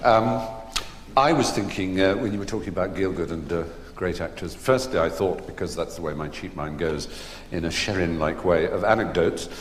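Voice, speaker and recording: A man with a very low voice spins theatre anecdotes as an unhurried raconteur on stage, pausing on ums and restarts. The sound comes from a large hall with a long, roomy tail of reverb. A faint hum sits underneath. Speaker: stage conversation guest. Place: theatre stage before a live audience.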